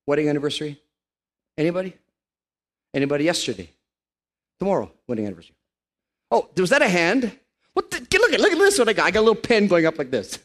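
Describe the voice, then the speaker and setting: Animated high-voiced joking preacher man. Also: fast talker, pauses often. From Canada. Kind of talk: lively sermon to a congregation. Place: church.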